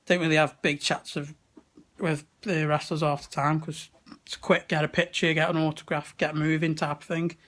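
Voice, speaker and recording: This young man, a vlogger from the West Midlands, England, chats casually at a wrestling event into a handheld camera at arm's length, laughing and swearing a lot. His slightly high voice is flat and fairly bright, at a moderate pace.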